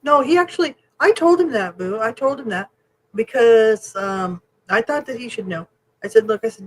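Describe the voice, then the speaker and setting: A woman co-hosting a chatty podcast, talking in a frank, animated way and swearing without a second thought. Her voice has a husky, slightly breathy edge. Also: fairly high pitch, normal speed, low-quality recording. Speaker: podcast co-host. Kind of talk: casual chat.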